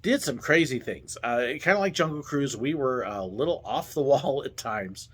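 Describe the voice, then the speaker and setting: A man hosting a vlog, casually telling stories from his theme park job in a playful, animated way and acting out the voices. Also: mid-range voice, normal speed. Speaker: vlog host, former theme park ride driver. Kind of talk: casual storytelling.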